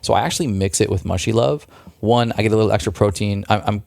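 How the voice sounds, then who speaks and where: With a lowish, gravelly, darkish voice and a fast way of talking, a podcast co-host enthusiastically pitches a product in casual chat, frequently starting sentences over. The studio sound is clean, with no room sound.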